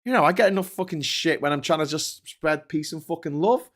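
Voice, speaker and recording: A man's voice: a little high, brisk, a bit bright. A man hosting a livestream, reading viewer comments and ranting with heavy swearing and frequent laughter. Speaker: host. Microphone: desk microphone.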